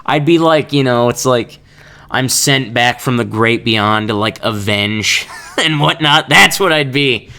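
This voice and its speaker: Young male podcast host, unhurried and rambling, gravelly bright tone, jokey asides. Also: mid-range voice. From Kansas. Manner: rambling, jokey, laughs between thoughts. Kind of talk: casual solo podcast chat.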